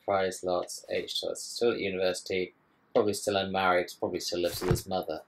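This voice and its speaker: A man's voice: low-pitched, little pitch movement, brisk. A man from England playing with words while co-hosting a let's play. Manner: playful, wordplay. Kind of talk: casual gameplay commentary.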